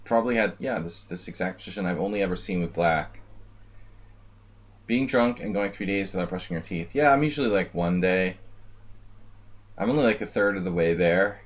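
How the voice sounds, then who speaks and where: A man's voice: sits low, brisk, long pauses. A man live-streaming blitz chess, chatting casually with viewers and rambling jokingly between moves. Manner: rambling, joking, talks to chat.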